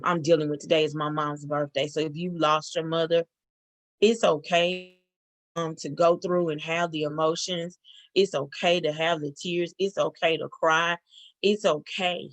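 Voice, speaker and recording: A middle-aged woman giving a spoken church testimony, earnest and halting, with many fillers and restarts. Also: sits low, no echo.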